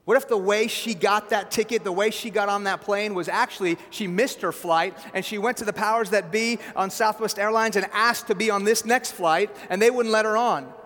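A man's voice: high-pitched, normal speed, hardly any pauses, fairly bright tone, long reverb tail. A man preaching a sermon in a conversational way, often checking in with the listeners. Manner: conversational preaching with asides like "right?" and "okay?".

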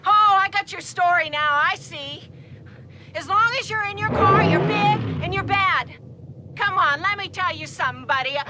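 An actress playing a furious woman who shouts taunting insults, heard in a film clip. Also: very high voice, normal speed. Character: furious adult woman yelling at a menacing car. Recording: film clip with loud outdoor street noise.

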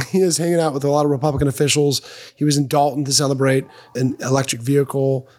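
A male radio host chatting about politics with his co-host. His talk is relaxed and conversational, with an easy laugh. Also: mid-range voice, fast talker.

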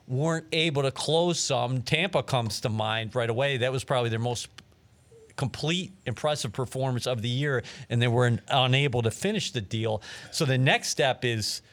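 A male sports radio host with a medium-pitched voice. He talks casually but lays out his points in a measured, analytical way. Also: fairly bright tone.

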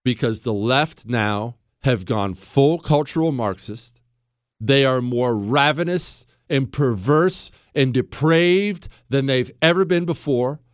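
A man hosting a radio talk show, telling a story and giving commentary in a lively, emphatic way with rhetorical questions. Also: mid-range voice, slow, no echo, clean studio sound. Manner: animated, laughs at own stories, emphatic rhetorical questions. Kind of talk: casual on-air storytelling and commentary. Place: radio studio.

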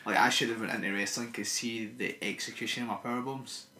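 Scottish man, sweary animated storyteller, casual podcast chat, echoey room, faint room noise. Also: mid-range voice, fast. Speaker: podcast co-host.

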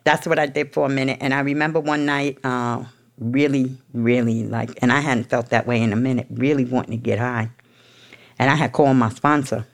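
A woman's voice: a bass voice, steady tone, a little fast. A middle-aged woman guest telling her recovery story in a blunt, profane, streetwise way, often laughing. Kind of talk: candid storytelling interview.

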